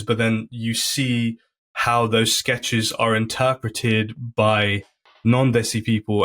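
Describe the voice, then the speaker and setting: A man's voice: fairly low pitch, a bit bright. A comedian, a man, chatting as a podcast guest and telling stories in an earnest way. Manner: earnest, storytelling, many fillers and restarts. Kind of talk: casual chat.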